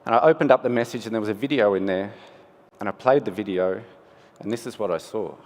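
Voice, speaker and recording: A male scientist, telling a first-person story in a relaxed, conversational way during a conference talk. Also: fairly low pitch, fast talker. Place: conference hall. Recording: long hall reverb.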